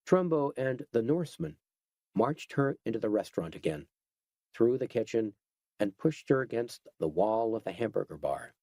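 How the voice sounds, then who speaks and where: A man giving steady, scripted narration of a horror audiobook. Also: mid-range voice, normal speed, no echo.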